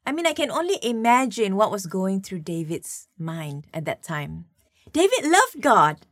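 A woman with a Malaysian English accent preaching a sermon, telling stories in an animated way with playful asides. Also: medium pitch, measured pace, no echo, clean studio sound.

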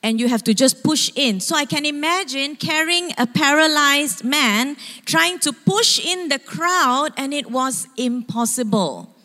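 Slow-speaking woman pastor in a church hall. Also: sits high. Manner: animated storytelling. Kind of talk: sermon. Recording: long hall reverb.

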